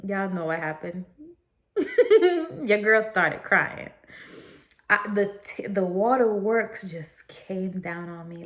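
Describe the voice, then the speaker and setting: A woman's voice: mid-range voice, lively intonation, slow pace, pauses often, fairly bright tone. A young woman vlogger telling a story in a chatty, casual way, talking straight to her viewers and laughing often.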